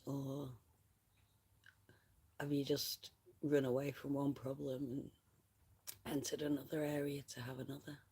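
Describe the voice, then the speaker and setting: A livestream host chatting casually with viewers in a soft, half-whispered voice and laughing often. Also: medium pitch, little pitch movement, measured pace, pauses often, husky. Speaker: livestream host reading chat.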